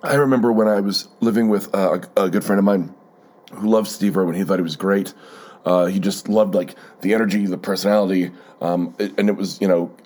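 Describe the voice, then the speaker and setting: Hosting a solo podcast, a man with a deep, steady, slightly mellow voice talks a little fast through a sardonic, profane story full of fillers. He's stuffy from a cold and keeps blowing his nose.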